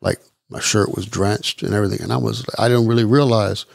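Gravelly, earnest man telling his story. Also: fairly low pitch, fairly even intonation, no room sound, clean studio sound. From East Chicago, Indiana. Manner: earnest, halting, repeats words. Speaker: podcast guest. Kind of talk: personal testimony interview.

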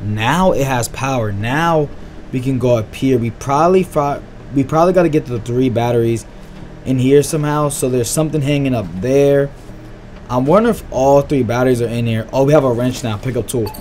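A young man giving excitable, slang-heavy let's-play commentary on a horror game and reacting loudly to scares. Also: mid-range voice, a little fast, faint music behind. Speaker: gaming YouTuber.

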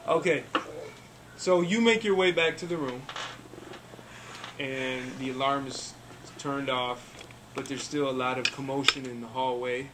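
A man patiently narrating a tabletop game for children as game master, with halting restarts, in a noisy room recording. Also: medium pitch. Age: adult. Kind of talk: running a tabletop game for kids. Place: school club room.

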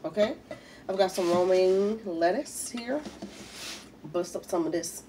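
A woman's voice: lowish voice, unhurried, dark tone, recorded from a distance, slight background noise. A woman, chatting casually while eating in a mukbang video, a little congested from a head cold. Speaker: mukbang vlogger.

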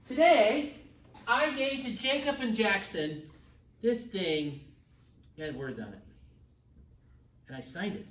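A man's voice: high voice, animated, slow pace, pauses often, fairly bright tone, a little hiss or hum. A middle-aged man teaching a church confirmation class in a chatty way, joking with his students. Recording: echoey room, far from the mic.

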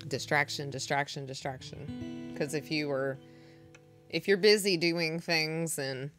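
A young woman streaming music, chatting with her viewers in a flat, deadpan, monotone way. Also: low-pitched, a little slow. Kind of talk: casual chat with live chat.

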